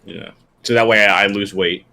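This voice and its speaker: A man's voice: fairly low pitch, fairly even intonation, moderate pace, creaky, sharp tone. A young man co-hosting a podcast in casual chat, often stammering and repeating words. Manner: stammering, chatty, self-deprecating. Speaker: podcast co-host.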